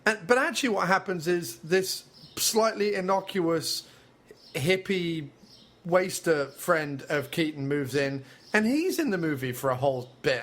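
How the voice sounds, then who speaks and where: A man's voice: on the high side, animated, unhurried, fairly bright tone. A man co-hosting a film podcast in casual chat, bluntly and scornfully tearing into a movie.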